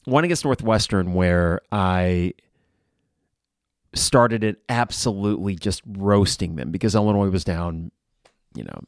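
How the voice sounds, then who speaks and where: A man hosting a live game reaction podcast, blunt and frustrated, who swears and flares into shouting. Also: deep voice, animated, unhurried, no echo, studio quality.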